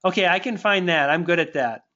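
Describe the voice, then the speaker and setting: Effusive high-voiced man on a dull stream. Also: fairly quick, sharp tone. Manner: effusive and thankful, stumbling restarts. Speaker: online marketing coach. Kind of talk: live webinar Q&A, reading viewer comments.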